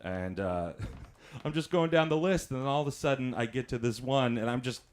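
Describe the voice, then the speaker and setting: A man's voice: medium pitch, normal speed. A man doing stand-up comedy, telling chatty stories, laughing at his own jokes and acting out voices.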